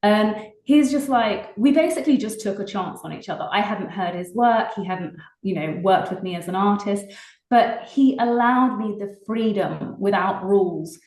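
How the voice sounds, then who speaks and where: A British woman, a singer-songwriter, chatting casually in an interview, laughing often between fast bursts of talk. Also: medium pitch, darkish tone, echoey room, low-quality recording. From Britain.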